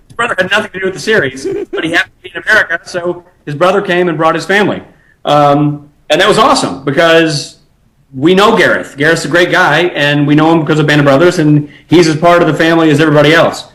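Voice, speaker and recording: A man's voice: on the high side, fairly bright tone, low-quality recording. A man from Nashville, Tennessee, guest on an interview, talking in an easygoing, chatty way with many fillers. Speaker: actor guest. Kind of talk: casual interview.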